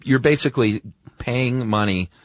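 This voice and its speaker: A man co-hosting a podcast in casual chat, quick asides and frequent laughs. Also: mid-range voice, no room sound. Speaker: podcast co-host.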